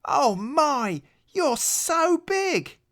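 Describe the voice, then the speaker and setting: A small, excitable storybook bunny boy, voiced by a man reading aloud. His voice sits far above a normal speaking voice and leaps around as he chatters. He comes across as eager and breathless. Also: very high-pitched, slow, voice pushed up, full character voice. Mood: excited. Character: small eager young male rabbit.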